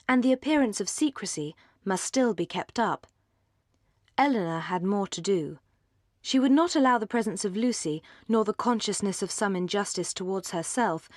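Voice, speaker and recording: Measured woman narrating a classic novel. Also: mid-range voice, no room sound, studio quality. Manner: measured, articulate reading. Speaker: audiobook narrator. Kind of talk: scripted narration.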